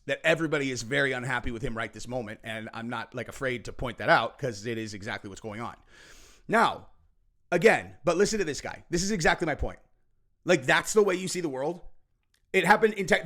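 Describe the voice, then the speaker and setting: A man's voice: medium pitch, fairly bright tone. A man hosting a political reaction show, ranting angrily and cursing, tagging his points with "okay?" and "right?". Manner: angry, profane, ranting with frequent "okay?" and "right?". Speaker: political commentary host. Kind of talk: heated reaction commentary.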